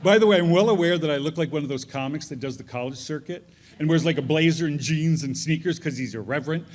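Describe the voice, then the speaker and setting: A man's voice: fairly high pitch, fast, darkish tone. A man telling a self-deprecating personal story on stage at a live storytelling event, chatty and laughing at his own jokes. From northern New York.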